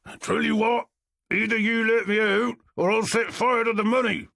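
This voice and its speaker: A man's voice: high-pitched, fairly even intonation, moderate pace, gravelly, pushed and bright, no room sound, studio quality, pitched above the performer's own voice, full character voice. A man voicing a small, balding, short-tempered crook who snaps threats and uses coarse slang. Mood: irritable, shouting.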